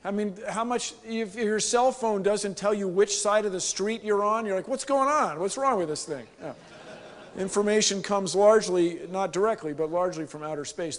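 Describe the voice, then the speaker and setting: A man from the United States giving an animated, joking conference keynote to a live audience. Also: high voice. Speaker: keynote speaker. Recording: long hall reverb.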